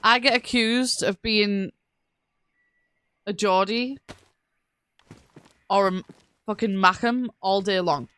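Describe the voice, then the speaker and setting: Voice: medium pitch, slow, pauses often, sharp tone, clear, resonant tone, no room sound. A gaming streamer from northeast England with a northeast English accent, chatting casually and playfully with viewers and swearing now and then.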